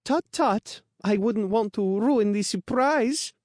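A man's voice: high-pitched, expressive, normal speed, darkish tone, dry recording, clean studio sound, voice pushed up. A man voicing a smug, spiteful noble teenage girl who mocks and sneers in an audiobook. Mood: sneering. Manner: sneering, mocking.

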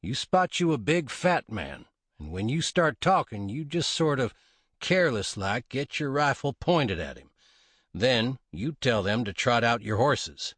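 A man's voice: mid-range voice, very animated, a little slow, a bit bright, husky, no room sound, heavily acted. Man doing a drawling, sly gunman. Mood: knowing. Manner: drawling, dry, cocky. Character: laconic sly frontier gunman, male adult.

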